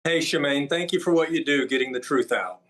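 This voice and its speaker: A man appears as a guest doctor in an interview. His voice runs a little higher than most men's. He talks emphatically and lists his points one after another, with frequent filler sounds. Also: brisk, a bit bright.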